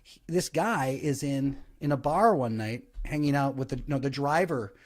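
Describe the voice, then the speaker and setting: A man, a comedian guest on a podcast, telling stories in an animated way, with frequent restarts. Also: mid-range voice, moderate pace. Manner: animated storytelling, many restarts. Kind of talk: casual podcast chat.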